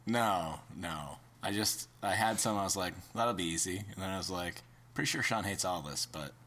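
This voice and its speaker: A man's voice: deep voice, moderate pace, bright, forceful tone. A man co-hosting a casual podcast, stammering and sheepish, laughing at himself. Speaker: podcast co-host.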